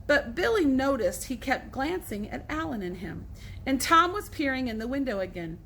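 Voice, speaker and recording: Bright-voiced woman reading to students. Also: high voice, sing-song, moderate pace, slight background noise. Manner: warm storytelling with asides to the class. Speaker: teacher. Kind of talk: reading a novel aloud to students.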